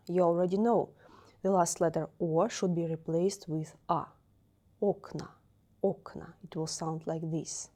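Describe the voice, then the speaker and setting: A woman teacher with a Russian accent giving a beginner grammar lesson, repeating each word slowly several times. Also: fairly low pitch, mellow. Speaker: language teacher.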